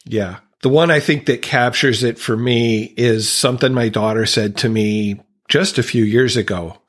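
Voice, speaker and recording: A man's voice: medium pitch, steady tone, normal speed, a bit bright. A man speaking as a podcast guest, earnest and reflective, candidly telling a personal recovery story and openly emotional at times.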